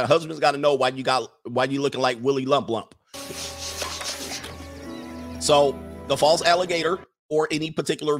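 A man giving casual, chatty commentary over film clips, repeating himself and dropping into character voices. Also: mid-range voice. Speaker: video commentator.

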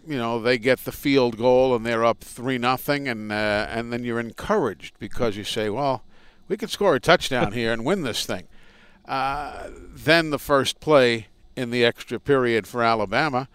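A man who calls games on the radio, telling his stories in a loose, rambling and self-deprecating way. His voice is smooth and resonant and sits in an ordinary middle register. The sound is close and dry. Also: medium pitch, fairly bright tone, no room sound. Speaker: radio play-by-play broadcaster. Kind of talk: casual interview storytelling. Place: indoors at a college arena.

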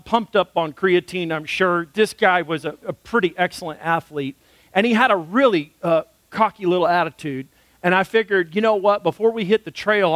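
A man's voice: high-pitched, fairly bright tone, dry recording. A male pastor giving a storytelling sermon in a conversational way, with frequent fillers.

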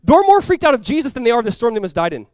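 A male pastor preaching a sermon with lots of energy, acting out quoted voices with big jumps in pitch and volume. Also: very animated, very fast, darkish tone, no echo.

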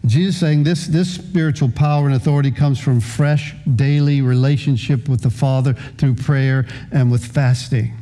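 A man in his fifties preaching a sermon as pastor, with a halting delivery full of repeated words. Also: on the high side, dark tone.

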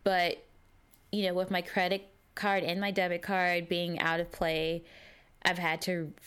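In a lowish, clean-toned voice that moves a little slowly, a young woman co-hosts a podcast. She chats casually and brings her stories to life by acting out quotes.

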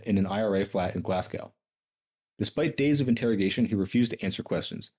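A man talks quickly in a husky, slightly low voice, reading historical passages on a casual podcast. He breaks off often to swear and mock what he has just read, then carries on. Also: a little mellow. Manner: profane, sarcastic, reads quotes then riffs. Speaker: podcast co-host.

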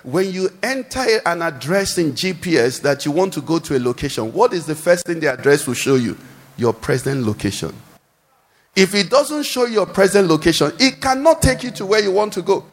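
A man preaching a sermon, animated, posing questions for the congregation to answer, recorded in a large church hall. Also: fairly high pitch, normal speed. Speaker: pastor. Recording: echoey hall with long reverb.

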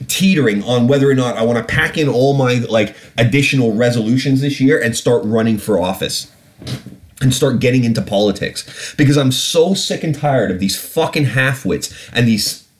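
A man's voice: mid-range voice, normal speed. A British man hosting a podcast, ranting bluntly and profanely about politics. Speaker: podcast host. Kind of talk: casual ranting commentary.

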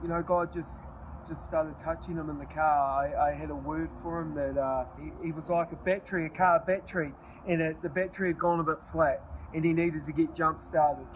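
A man, recorded outdoors, recounting an event in a halting casual way. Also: on the high side, fairly even intonation, narrow, tinny audio, a little hiss or hum. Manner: halting, with restarts and fillers.

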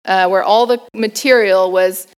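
A woman telling a personal story in an interview, animated, laughing often and using lots of fillers. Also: medium pitch, measured pace, clean tone. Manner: acts out family members' voices. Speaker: guest performer.

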